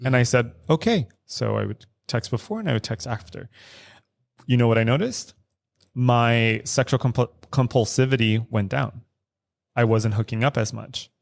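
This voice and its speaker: A man's voice: medium pitch, moderate pace, vocal fry. Candid man telling a story, swearing. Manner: animated storyteller acting out quoted dialogue, frequent "like" and swearing. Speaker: podcast co-host. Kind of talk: candid casual chat. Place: studio recording.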